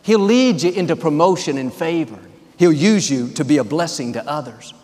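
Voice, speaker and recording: A man's voice: a little high, lively intonation, moderate pace, a little mellow. Man preaching in a big reverberant church. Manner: upbeat, repetitive preaching cadence. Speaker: pastor. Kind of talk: sermon. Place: large church. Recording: long hall reverb.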